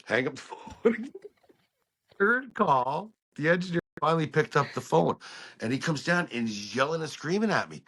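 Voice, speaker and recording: A man telling stories about working on ships in a casual, animated way. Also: a little high, normal speed. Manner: animated storyteller who acts out quotes. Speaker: guest, ship engineer. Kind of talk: casual storytelling chat.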